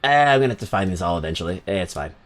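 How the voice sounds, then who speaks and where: A man streaming a video game, giving rambling, casual commentary full of crude jokes and quick asides. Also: sits low, lively intonation, fairly bright tone. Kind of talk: casual let's-play commentary.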